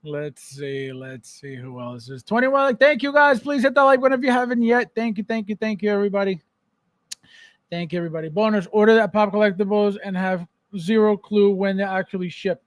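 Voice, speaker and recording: A man's voice: high voice, brisk, dry recording. A man hosting a casual collectibles livestream, joking and teasing viewers by name. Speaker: podcast host.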